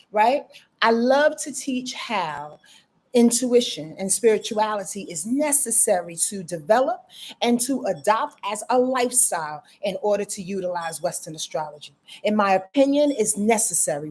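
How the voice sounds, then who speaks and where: A woman's voice: medium pitch, a little mellow. A middle-aged woman chatting casually as an astrologer hosting a livestream, greeting viewers by name and ranting freely. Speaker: astrologer and channel host.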